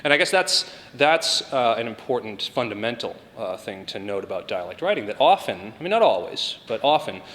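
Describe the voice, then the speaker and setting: A man co-hosting a casual podcast about literature for English students, halting with fillers and repeated words. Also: lowish voice, big pitch swings, fairly bright tone, in a large hall. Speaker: podcast co-host, literature teacher. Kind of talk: casual academic discussion.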